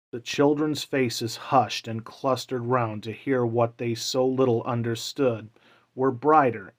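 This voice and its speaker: A man reading a classic novel aloud in a measured, calm way. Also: mid-range voice, poor audio. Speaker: reader.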